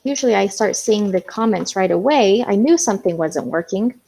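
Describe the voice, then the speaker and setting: A woman's voice: mid-range voice, lively intonation, moderate pace, vocal fry, warm tone. A young woman hosting a casual live stream, chatting with viewers and reading out their comments, with lots of "um" and "you know". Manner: chatty, reads out viewer comments, many fillers.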